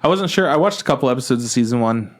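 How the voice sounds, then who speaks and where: A man co-hosting a podcast in casual chat, telling a story in a relaxed way with casual swearing. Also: mid-range voice, racing. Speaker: podcast co-host.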